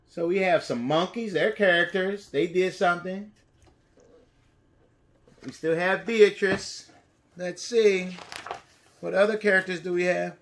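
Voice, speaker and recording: A male teacher reading a picture book aloud and teaching young children, playful and animated, talking to the kids. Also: high-pitched, a little slow, pauses often.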